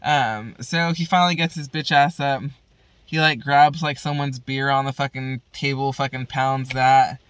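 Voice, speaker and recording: A woman's voice: a bass voice, steady tone, normal speed, clean tone, dry recording. Woman, vlogger, casual story chat, swears a lot, rambling, filler-heavy. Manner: crude, profane, rambling with constant fillers.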